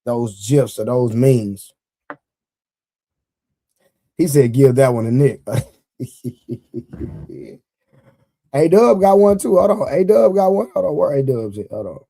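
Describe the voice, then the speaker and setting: A man's voice: mid-range voice, very animated, takes it slowly, vocal fry, long pauses, warm tone, no room sound. A man hosting a casual livestream, talking loosely and repeating himself, laughing often and reading viewers' comments aloud to his chat. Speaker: livestream host.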